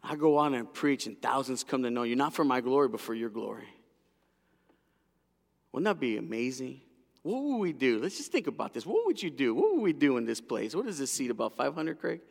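A middle-aged pastor preaching in a big church hall, his voice swinging widely in pitch and often dropping to a hush. A gravelly edge roughens his tone, and long reverb trails every line. He tells stories with energy. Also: a little fast. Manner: animated storyteller, acting out voices; lively delivery that drops to hushed intensity. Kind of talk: sermon.

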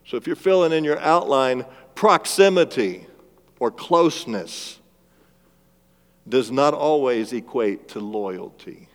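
A man preaching a sermon as pastor, swinging between loud emphatic lines and hushed, drawn-out phrases and calling for responses from the congregation. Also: medium pitch. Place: church sanctuary. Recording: long reverb of a large church hall.

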